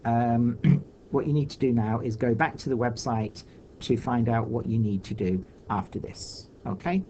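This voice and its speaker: A man teaching children in a recorded online lesson, thinking aloud patiently with many pauses and fillers. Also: medium pitch, warm tone, muffled recording, a little hiss or hum.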